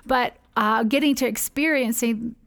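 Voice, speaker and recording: A woman with a slightly high voice tells how she founded her charity, in a casual interview. She talks in a chatty, rambling way, full of fillers and restarts. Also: a little slow, gravelly, a bit bright. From United States.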